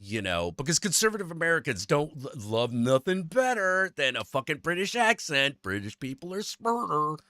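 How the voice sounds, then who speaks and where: A man's voice: fairly high pitch, moderate pace, few pauses, no echo, clean studio sound. A man hosting a stream, ranting in casual chat, swearing a lot and stumbling over restarts. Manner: profane, animated ranting with stammered restarts. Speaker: stream host.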